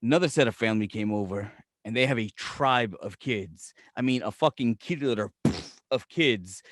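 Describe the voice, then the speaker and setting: A man from Brooklyn with a Brooklyn accent, co-hosting a casual podcast and telling profane, animated stories. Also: mid-range voice, normal speed, no echo, studio quality. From Brooklyn, New York. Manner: profane, animated storytelling with laughter. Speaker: podcast co-host. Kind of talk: casual chat.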